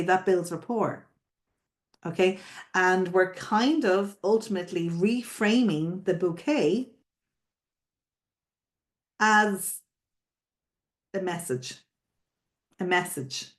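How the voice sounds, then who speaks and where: A woman coaching florists on selling, explaining in a conversational way and often checking in with her listeners. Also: lowish voice. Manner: explains with frequent check-in questions and repetitions. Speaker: sales coach teaching florists. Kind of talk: spoken teaching.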